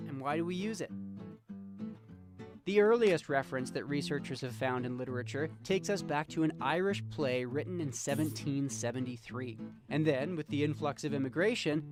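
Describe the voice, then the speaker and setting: A man with a Canadian accent narrating a scripted news feature as a reporter, upbeat and explanatory. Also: a little high. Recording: voice-over with music bed.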